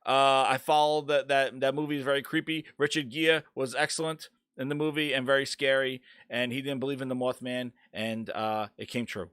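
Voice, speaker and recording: A man hosting a casual gaming podcast, ranting loudly and swearing as he talks through the news. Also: medium pitch, normal speed, few pauses, clean tone, no room sound, studio quality. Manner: ranting, profane, animated. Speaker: podcast host.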